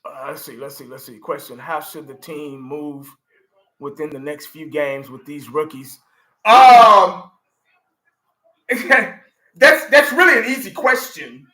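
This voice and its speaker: A middle-aged man talks to his audience in a loose, rambling way, circling back and restarting his thoughts. His voice sits fairly high with a very bright, sharp edge. The room around him is echoey. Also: slow. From Texas. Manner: rambling, restarts a lot, addresses viewers. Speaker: fan channel host. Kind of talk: casual chat.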